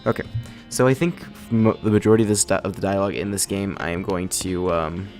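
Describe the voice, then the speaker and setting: A man's voice: sits low, steady tone, fast talker, darkish tone, soft background music. A young man giving casual let's play commentary, hesitant with many ums, now and then reading game text aloud in a put-on cowboy drawl. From the American West. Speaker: gamer.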